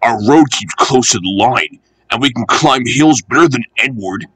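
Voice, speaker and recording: A man as a steady engine driver. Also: medium pitch, moderate pace, slightly rough. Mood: calm. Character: steady, good-humoured male engine driver.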